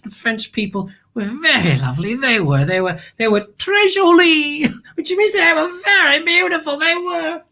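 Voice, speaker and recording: Flamboyant glam hostess for kids, high bright voice, swooping delivery, darling-dropping. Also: female voice, slightly rough, heavily acted. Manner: flamboyant, calls everyone darling. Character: grand, gushing, glamorous lady show host. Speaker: host. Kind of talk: theatrical kids' show hosting.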